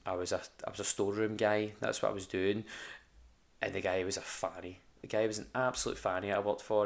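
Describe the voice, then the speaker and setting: A young Scottish man with a low, gravelly voice rambles through casual stories. He talks loosely with plenty of ums, restarts and swearing, like an informal podcast chat. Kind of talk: casual storytelling.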